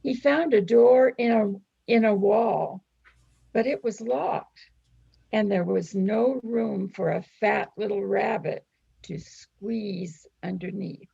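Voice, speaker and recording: A woman panelist reading a passage aloud slowly and carefully, like a student in class. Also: mid-range voice, gravelly, mellow, husky, dry recording, dull audio. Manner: slow, careful reading with small restarts.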